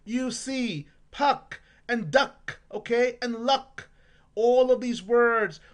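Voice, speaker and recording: Woman, reading coach, parent tips lesson, upbeat, stretches out syllable sounds, fairly high voice. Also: slow pace.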